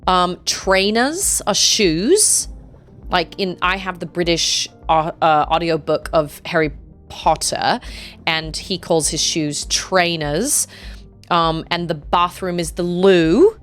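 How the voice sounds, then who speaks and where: A woman's voice: on the low side, slow, fairly bright tone, soft background music. A young woman streaming a game, chatting casually, reading chat aloud and yelping during fights. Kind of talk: casual gameplay commentary.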